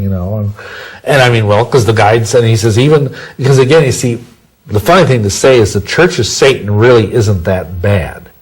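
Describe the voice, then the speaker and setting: A man's voice: fairly low pitch, lively intonation, normal speed, breathy edge, rough recording. A man answering interview questions in a rambling, self-correcting way, full of folksy sayings. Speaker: interview guest.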